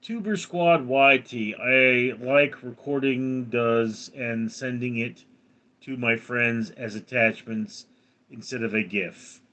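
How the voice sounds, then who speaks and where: A man in his thirties chats casually on a live stream, reading viewers' names aloud and tossing back crude jokes. His voice is bright and forceful, and he talks at an unhurried, drawn-out pace. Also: medium pitch. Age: 30s.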